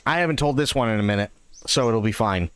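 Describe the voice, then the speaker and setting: A man live-streaming a game, chatting casually and telling jokes in a profane, expressive way into a close microphone. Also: on the low side, fast, clear, resonant tone, dry recording.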